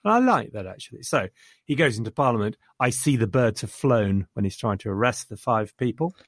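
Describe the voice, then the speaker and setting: A man's voice: medium pitch, lively intonation, fairly quick, a bit bright, dry recording. Guy gushing about an old movie, chatty and rambly, dead dry recording. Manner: enthusiastic, rambling, quotes lines. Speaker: podcast co-host reviewing a film. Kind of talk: casual chat.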